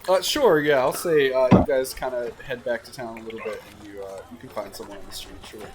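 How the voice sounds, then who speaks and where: A man narrating as game master in a relaxed, laughing way, full of casual fillers. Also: mid-range voice, fairly quick, heavy background noise.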